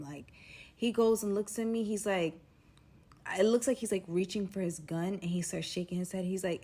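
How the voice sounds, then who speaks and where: Animated young woman telling a story. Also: mid-range voice, moderate pace. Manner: dramatic, animated retelling with loud bursts. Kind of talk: storytime vlog.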